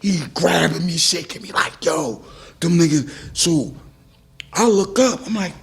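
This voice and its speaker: Husky-voiced man telling street stories. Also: a little high, measured pace. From Philadelphia. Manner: animated storytelling, acting out quotes. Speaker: guest rapper. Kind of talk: casual storytelling chat.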